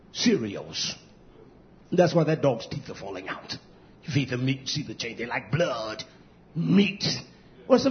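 A high-pitched man delivers a combative, rambling sermon. His voice drops to a mutter, then climbs into shouts. The recording sounds dull and lo-fi. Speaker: preacher. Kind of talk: fiery sermon.

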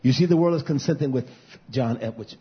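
A man preaching a sermon as pastor, impassioned and swinging between loud and hushed passages. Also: mid-range voice, fairly quick, husky. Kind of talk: sermon to a live stream. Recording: dull lo-fi recording.

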